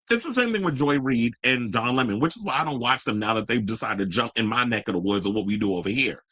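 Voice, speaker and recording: A man's voice: mid-range voice, fairly bright tone, dry recording, rough recording. Guy ranting on his stream, cussing a lot, combative, dry close mic. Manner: profane, combative, talks straight to viewers. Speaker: host. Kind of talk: ranting live-stream commentary.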